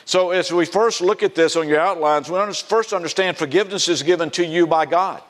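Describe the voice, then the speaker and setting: Male pastor, slightly high voice, conversational sermon delivery with call-and-response questions. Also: brisk. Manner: conversational, asks the congregation rhetorical fill-in questions.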